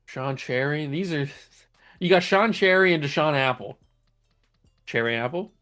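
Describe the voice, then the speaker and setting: A man's voice: fairly high pitch, animated, normal speed, fairly bright tone, faint music behind. A young man hosting a gaming channel, chatting casually and laughing while reading through odd player names. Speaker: gaming YouTuber host. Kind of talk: casual game commentary.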